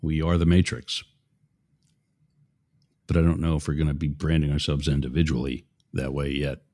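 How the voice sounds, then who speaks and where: A man's voice: extremely low pitch, level tone, moderate pace, darkish tone. A man hosting a show, giving opinionated political commentary in a rambling, digressive way with asides to his listeners. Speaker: show host.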